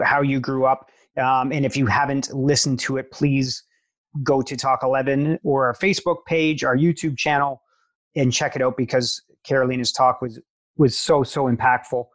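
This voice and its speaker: A man's voice: medium pitch, fairly even intonation, normal speed. A man hosting a podcast, asking long, rambling questions in an enthusiastic, encouraging way. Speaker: podcast host. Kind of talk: casual interview chat.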